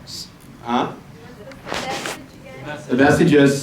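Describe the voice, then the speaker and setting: A man hosting a live town hall, rambling and urging the audience, spelling out web addresses slowly. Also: a little high, darkish tone. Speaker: event host. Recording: echoey hall from far off.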